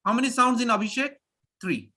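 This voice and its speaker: Lively teacher on a video call. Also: male voice, very high-pitched, a little fast, heavy background noise. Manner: energetic, repeats phrases to drill students. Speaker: English pronunciation teacher. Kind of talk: live online class teaching.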